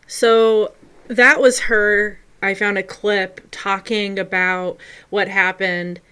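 A woman hosting a video, narrating film trivia in a chatty, expressive way with loud bursts for emphasis. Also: mid-range voice, slow pace, smooth. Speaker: video host.

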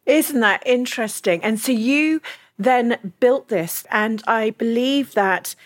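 A woman's voice: fairly high pitch, takes it slowly, no echo, studio quality. A woman hosting an interview, asking curious, prompting questions. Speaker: podcast host, interviewer.

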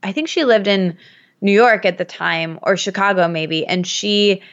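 On a casual podcast, a Michigan woman in her thirties talks as a guest in a mid-range voice at a measured pace. She's chatty and tells rambling stories packed with fillers, heard through slightly muffled audio.

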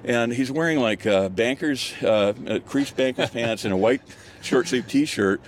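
This older man has a mid-range voice and a measured pace, with slight background noise around him. During a walk on a hillside, he tells a rambling casual story as a guest storyteller, full of restarts and fillers, laughing frequently.

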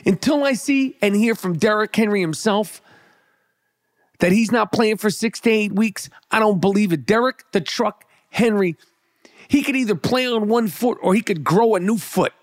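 A male sports commentator delivers a brash, hyped-up rant full of swearing and repetition about the football weekend and his fantasy team. He has a high voice and a moderate pace, recorded dry in studio quality.

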